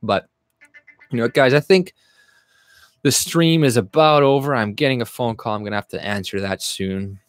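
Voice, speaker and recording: A young man hosts a casual livestream, chatting bluntly and swearing freely as he rambles through the chat. His voice sits at an ordinary middle pitch. The sound is dry and close, with no room echo. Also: moderate pace, pauses often. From Canada. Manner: reads chat aloud and answers it. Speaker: livestream host.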